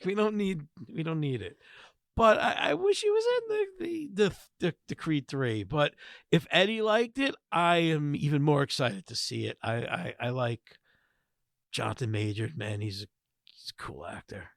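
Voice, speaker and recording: A man's voice: on the high side, very animated, normal speed, creaky, no echo, clean studio sound. A man co-hosting a podcast in casual comedy banter, jokey and stammering, laughing often. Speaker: podcast co-host.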